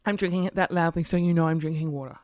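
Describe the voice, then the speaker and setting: Rattling along rapid-fire in a low, darkish voice with a steady tone, a thirty-year-old podcast host vents her exasperation at home beside her computer. Her casual rant is full of curse words and little dramatized scenes, and the recording is dry.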